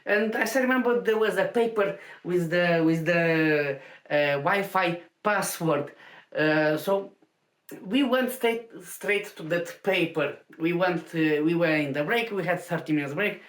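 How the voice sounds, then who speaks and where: Slow, halting woman in a roomy space. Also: on the low side. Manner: halting, many fillers and restarts. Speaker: stand-up comedian. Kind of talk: casual anecdotal storytelling. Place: home room. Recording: roomy home recording.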